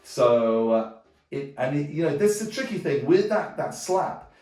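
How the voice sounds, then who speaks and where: A man teaching djembe in a relaxed, casual way, thinking aloud with frequent restarts. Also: on the high side, normal speed. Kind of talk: casual music lesson. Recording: roomy sound from a distance, drumming around speech. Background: djembe drumming.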